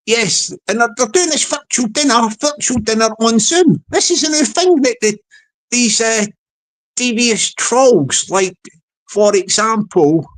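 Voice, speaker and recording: A man's voice: sits high, a bit bright. A man telling a mocking comic story to his viewers, acting out the people in it and often repeating himself. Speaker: channel host.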